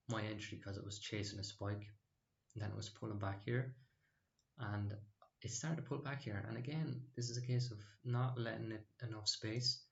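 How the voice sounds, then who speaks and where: A man's voice: fairly low pitch, gravelly, echoey room, highs cut off. A man casually talking through his stock trades, rambling and hesitant with many fillers and restarts. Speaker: stock trading channel host. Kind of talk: casual screen-share trading recap.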